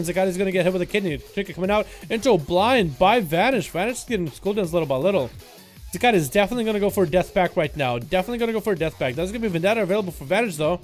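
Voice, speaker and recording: A young man casting a video game duel as rapid play-by-play commentary, excitable and hype. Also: sits high. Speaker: game caster.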